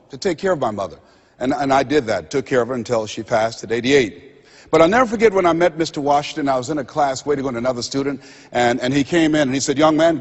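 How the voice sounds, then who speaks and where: An older man giving a motivational seminar speech to a live audience, preacher-like, with dramatic pauses and repeated phrases. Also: mid-range voice, husky, lo-fi sound. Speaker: motivational speaker. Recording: long hall reverb. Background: audience laughter.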